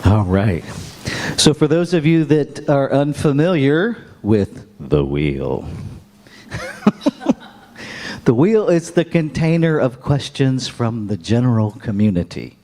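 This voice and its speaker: A man's voice: medium pitch, big pitch swings, slow, dark tone, slight background noise. A male minister introducing his sermon in a playful, teasing way, chuckling as he talks.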